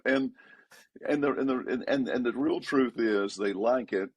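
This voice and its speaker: In a relaxed podcast chat, a pastor sounds husky and talks at normal speed with no echo. He's emphatic and repetitive, his pitch rising sharply when he stresses something.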